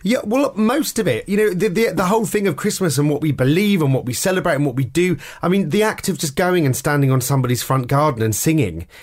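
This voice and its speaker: A man's voice: fairly high pitch, lively intonation, quick pace, few pauses. An English man, a children's author, chatting in an interview, laughing often and restarting sentences. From England. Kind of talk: casual interview chat.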